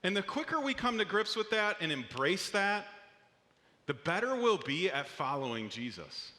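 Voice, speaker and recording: A man's voice: high voice, sing-song, moderate pace, bright, forceful tone, big-room sound. A man preaching a sermon as a pastor, in an earnest, conversational way with small restarts, in a church auditorium.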